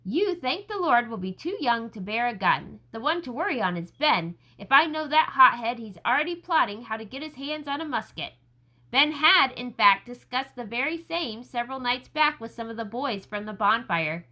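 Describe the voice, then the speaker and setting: A woman narrating a historical novel audiobook, reading expressively and acting out the characters' lines. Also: moderate pace. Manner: expressive, raises pitch for shouted lines.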